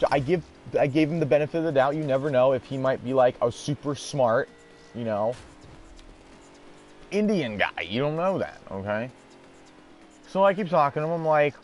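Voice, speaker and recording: A man's voice: medium pitch, lively intonation, fairly quick, a little mellow, soft background music. A man hosting a gaming video, telling a story in a rambling, exasperated way and swearing casually. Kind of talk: casual storytelling over gameplay.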